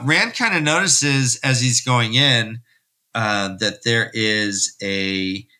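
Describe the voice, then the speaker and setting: A man hosting a podcast, recapping a story in an animated, rambling, jokey way. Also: medium pitch. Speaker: podcast host.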